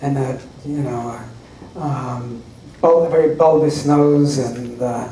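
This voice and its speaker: A man sitting as a guest on a fan convention panel answers audience questions with wry anecdotes, speaking slowly in a dark-toned, mid-range voice. The recording was made from the audience in a large convention hall, so it sounds distant and echoey with a little hiss or hum.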